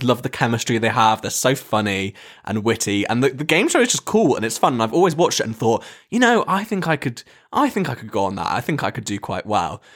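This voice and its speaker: A young English man in his twenties telling a casual story to camera, animated, laughing often and swearing freely. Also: medium pitch. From England. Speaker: vlogger.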